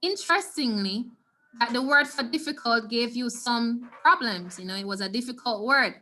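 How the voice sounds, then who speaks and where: A woman with a Jamaican accent teaching a Spanish class over a video call, encouraging her students and slowly repeating key words. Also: on the high side, sharp tone.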